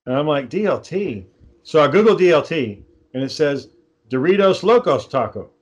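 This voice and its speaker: A man's voice: on the high side, animated, moderate pace, highs cut off. A man in casual chat, telling long stories with many fillers and restarts.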